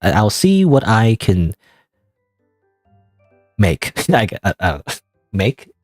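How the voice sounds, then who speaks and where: A man's voice: on the low side, very animated, unhurried, darkish tone, no room sound, faint music behind. A man streaming a game live, giving casual, rambling, self-deprecating commentary full of "you know" and "I don't know.". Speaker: gaming streamer.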